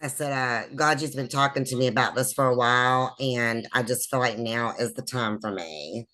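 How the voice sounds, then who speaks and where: A woman introducing herself to a team on a video call, excited and hesitant with many fillers. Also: a bass voice, normal speed. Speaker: new team member. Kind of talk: casual self-introduction.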